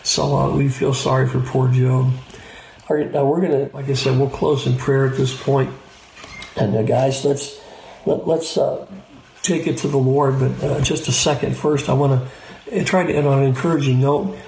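A man leading an informal Bible study, reading scripture and explaining it in a relaxed, conversational way with fillers and restarts. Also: medium pitch, normal speed, gravelly. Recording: roomy echo, faint room noise, poor broadcast.

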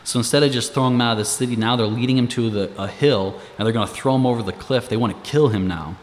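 A man's voice: mid-range voice, fast talker, long reverb tail, slight background noise. A man giving a casual, conversational Bible teaching, explaining verses, asking rhetorical questions and chuckling between points.

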